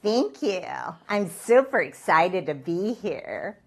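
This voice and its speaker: A comedian voicing a self-absorbed female celebrity wellness guru who was once an actress, speaking in airy, deadpan one-liners. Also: fairly low pitch, takes it slowly, very noisy. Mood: breezy. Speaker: talk show guest. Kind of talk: stand-up character comedy.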